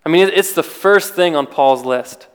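A man's voice: fairly high pitch, moderate pace, clean tone. Man preaching casually in a reverberant hall. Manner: conversational, with restarts and rhetorical questions. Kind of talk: informal sermon.

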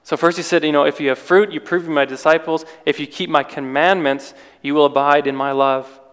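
A man's voice: fairly high pitch, steady tone, brisk, fairly bright tone, clear, resonant tone, in a large hall. A man preaching an informal sermon in a conversational way, with restarts and rhetorical questions.

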